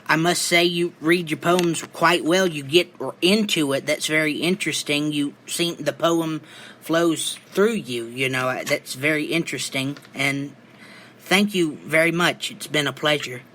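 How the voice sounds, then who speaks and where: A man hosts an interview, polite and brief in his replies. His voice is bright and a touch higher than usual. A faint hiss sits under it. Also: unhurried. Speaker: podcast host. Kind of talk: interview host.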